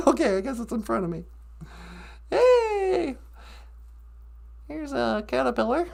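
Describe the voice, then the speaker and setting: A woman's voice: high voice, big pitch swings, slow pace, creaky, darkish tone. A woman co-hosting a casual, playful podcast, goofing around and making beeping computer noises. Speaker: podcast co-host.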